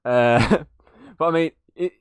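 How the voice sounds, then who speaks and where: A man's voice: a little high, takes it slowly, clear, resonant tone, no room sound, studio quality. A man hosting a podcast, reviewing a movie in casual chat, swearing freely and laughing at scenes. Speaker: podcast host.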